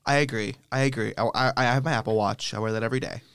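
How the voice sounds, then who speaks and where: A man's voice: mid-range voice, fairly even intonation, very fast, a bit bright, clear, resonant tone, no room sound. A young man co-hosting a podcast, teasing his friend bluntly in a casual chat. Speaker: podcast co-host.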